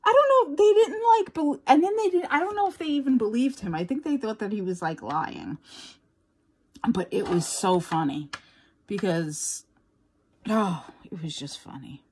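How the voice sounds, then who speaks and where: Chatty New York woman, higher voice. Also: expressive, moderate pace, darkish tone, slightly rough. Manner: chatty, laughs often, rambling asides. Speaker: crafting vlogger. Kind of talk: casual chat to viewers.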